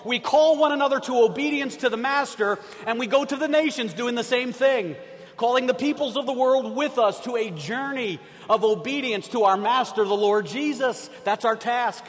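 A man's voice: very high-pitched, moderate pace. A middle-aged man preaching a sermon as a missionary, telling stories and leading the congregation in call-and-response. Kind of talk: sermon with storytelling. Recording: long hall reverb.

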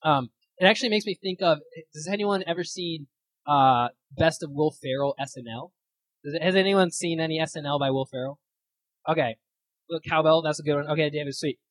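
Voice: mid-range voice, a little fast, dry recording, low-quality recording. A young adult leading a casual Bible study at a retreat, talking in a chatty way with lots of fillers, acting out quotes and laughing along with the stories. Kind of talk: casual teaching talk. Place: meeting room at a retreat.

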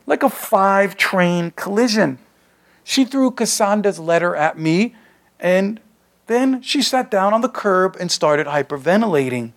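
A man gives a live reading of a short story he wrote, using a casual first-person voice that's rough-edged and streetwise, like chatting with his friends. Slightly high for a man, his voice has lively intonation and a measured pace.

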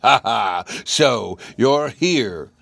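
A man voicing a furious, tantrum-prone gnome king who shouts his lines. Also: animated, extremely slow, gravelly, no echo, exaggerated voice. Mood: raging. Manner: shrill and shouting.

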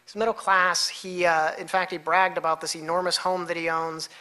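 Bright-voiced woman giving an academic talk. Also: lowish voice, level tone. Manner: measured, explanatory lecturing with occasional self-corrections. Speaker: researcher presenting at a conference.

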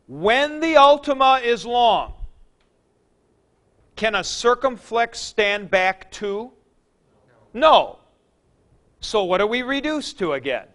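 A man teaching a class, asking questions and answering them himself, often clearing his throat. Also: very high voice, big pitch swings, takes it slowly, long pauses, fairly bright tone. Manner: uses sports comparisons and jokes. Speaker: Greek teacher. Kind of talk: classroom lecture.

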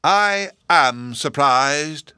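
Man putting on a fussy empress, prim, drawn-out, very high pitch, slow. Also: very animated, bright, forceful tone, no room sound, studio quality, heavily acted. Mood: prim surprise. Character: vague, fussy female empress.

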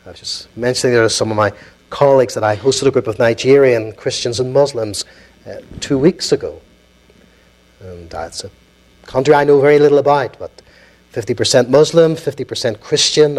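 A man with a Belfast accent, a minister giving a public lecture, telling stories in an earnest, measured way and pausing on key words. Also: medium pitch, a little mellow, low-quality recording.

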